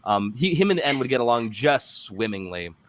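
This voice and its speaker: A man voice actor chatting casually on a stream, animated and rambling, often repeating himself. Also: medium pitch, normal speed. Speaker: voice actor guest.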